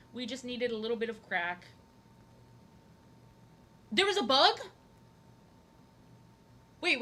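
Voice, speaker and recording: A woman's voice: mid-range voice, bright, forceful tone, a little hiss or hum, rough recording. A young woman chatting casually and playfully while drawing on a live stream, rambling and repeating her phrases.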